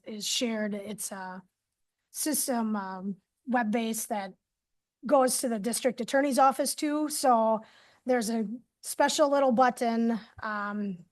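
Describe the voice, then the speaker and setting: Presenting to a city committee meeting, this woman from the police department staff talks in a conversational manner. Her voice is fairly high, and she frequently lets her sentences trail off quietly.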